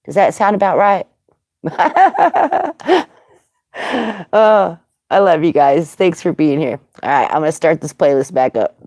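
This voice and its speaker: A woman's voice: on the low side, expressive, slow pace, darkish tone, no echo, clean studio sound. A woman hosting a casual livestream, chatty and greeting viewers by name. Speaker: livestream host.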